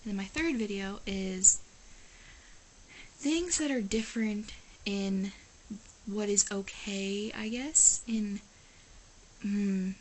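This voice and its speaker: A woman talks straight to her camera in a casual vlog, chatty and emphatic, pressing hard on her points with an exasperated edge. Her pitch sits in an ordinary middle range, with a faint hiss of noise behind her. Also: poor audio. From United States. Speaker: vlogger. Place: living in Japan.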